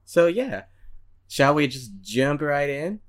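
A man's voice: a little high, sing-song, slow. A man co-hosting a podcast, chatting casually with playful, giggly banter. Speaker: podcast co-host. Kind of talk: casual chat.

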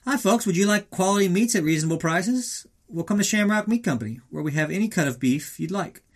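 Dude doing a cheesy meat shop ad guy, hammy salesy voice pitched up. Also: animated, fast. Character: cheesy upbeat male radio ad announcer.

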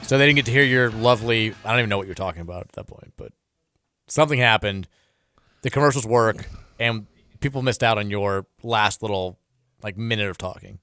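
A man's voice: fairly low pitch, fairly quick, sharp tone, dry recording, soft background music. A man hosting a sports radio show, talking in casual banter, matter-of-fact with dry jabs.

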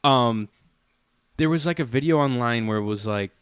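A young man in casual chat, relaxed and rambling with many filler words. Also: medium pitch, moderate pace, clean tone, no echo.

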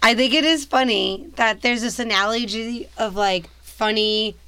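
A woman co-hosting a casual podcast, chatty and quick to laugh, full of "like" fillers. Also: a little high, pushed and bright, smooth, no room sound. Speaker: podcast co-host. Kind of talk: casual chat.

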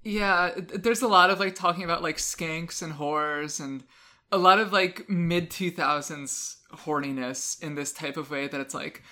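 A woman's voice: deep voice, fairly even intonation, measured pace, sharp tone. A woman co-hosting a podcast in frank, teasing casual chat. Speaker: podcast co-host.

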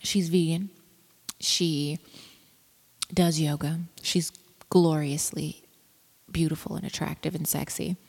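A woman's voice: low-pitched, steady tone, slow, vocal fry, pauses often, a little mellow, breathy edge, big-room sound. A woman rambling casually about her home brewing, with lots of fillers and restarts. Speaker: home brewer. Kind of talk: casual vlog chat.

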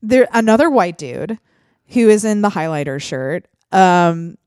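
A woman's voice: lowish voice, lively intonation, a little slow, darkish tone, no room sound, clean studio sound. A woman hosting a podcast in casual chat, talking freely with frequent laughs and fillers. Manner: chatty, laughs often, lots of fillers. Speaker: podcast host.

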